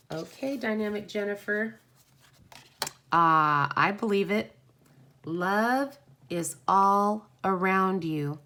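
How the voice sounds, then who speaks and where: A woman's voice: medium pitch, a bit bright. A woman hosting a live oracle card reading, effusive and encouraging, often exclaiming.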